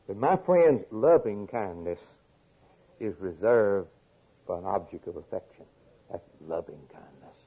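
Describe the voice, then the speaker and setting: A man preaching a sermon, repeating phrases and swinging from emphatic peaks to quiet low lines. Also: breathy edge. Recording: tinny phone-like lo-fi recording.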